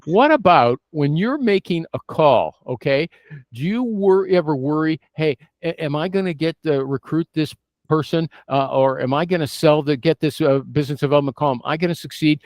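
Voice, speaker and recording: A man's voice: a little high, moderate pace, darkish tone, no echo, studio quality. A man hosting an interview show, asking probing questions, checking in with "okay?" and teasing his guest. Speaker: show host. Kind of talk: casual interview chat.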